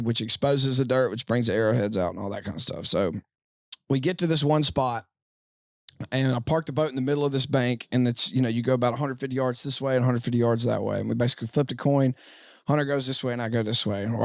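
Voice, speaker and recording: A man's voice: mid-range voice, no echo, clean studio sound. A man from Mississippi, a podcast guest telling a long story in a loose, rambling way full of fillers, recorded inside a tour bus. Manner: rambling, lots of "like" and "dude". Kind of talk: casual storytelling.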